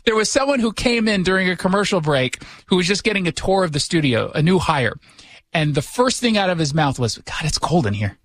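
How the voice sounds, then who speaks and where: Man, radio talk host, high voice, sarcastic jokes, dry close studio sound. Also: lively intonation, fairly quick, fairly bright tone, dry recording. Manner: sarcastic, joking asides. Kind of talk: casual opinion talk.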